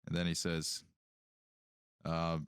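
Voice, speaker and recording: A man's voice: sits low, completely flat delivery, slow, fairly bright tone, clean tone, no echo, clean studio sound. A man playing a tabletop game, describing his character in a casual, hesitant way. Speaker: player.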